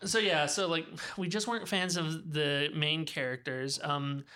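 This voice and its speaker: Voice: medium pitch, steady tone, a little slow, pushed and bright. A podcast co-host who grew up in the American South, critiquing a movie in casual chat with wry asides. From Southern United States.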